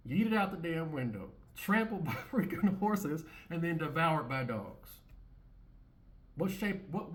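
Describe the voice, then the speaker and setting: A man hosting his own commentary channel, talking bluntly and repetitively with many restarts and swearing, reacting to clips in an opinionated monologue. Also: on the high side.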